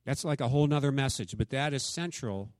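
A U.S. church teacher with a mid-range voice and a slightly quick pace hosts an easygoing Bible study, testing his listeners and dramatizing the quotes he reads. No room sound is audible.

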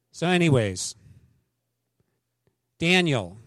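Man, pastor, conversational sermon, joking, slightly high voice, dry sound. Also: expressive, normal speed, pauses often, a bit bright, no echo. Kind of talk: sermon with anecdotes.

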